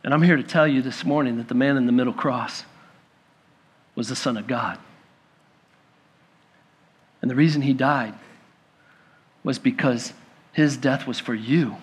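A male pastor preaching a sermon to a congregation, rising to emphatic peaks and dropping to hushed pleading. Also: mid-range voice, unhurried, pauses often, breathy edge.

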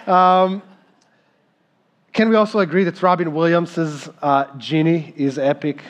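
A man in his thirties preaching a sermon as pastor, slow and emphatic in delivery. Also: fairly high pitch, lively intonation.

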